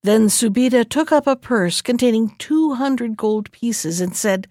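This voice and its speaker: A woman reading a fairy tale aloud in steady storybook narration. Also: a little high, unhurried, hardly any pauses, no echo, studio quality. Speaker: reader.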